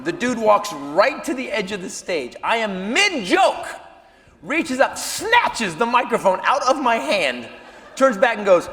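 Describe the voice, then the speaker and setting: A middle-aged man doing a stand-up comedy set, telling a story in a loud, animated way with shouted punchlines. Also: sits high, unhurried. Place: comedy stage before a live audience. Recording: live hall recording with audience noise.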